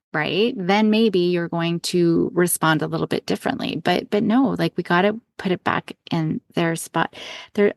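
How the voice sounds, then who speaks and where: Woman podcast co-host, a touch of vocal fry, loose conversational delivery, dry close mic. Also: on the low side, no room sound. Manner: chatty, trails off and restarts often. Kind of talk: casual conversational chat.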